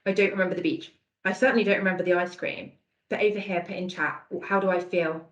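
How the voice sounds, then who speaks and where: A woman leads an online awareness session over a video call, encouraging and conversational as she praises answers from the chat. Her voice sits a little low. The sound is roomy and echoey. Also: steady tone, fast talker, highs cut off. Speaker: dementia awareness session presenter. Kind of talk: online training talk.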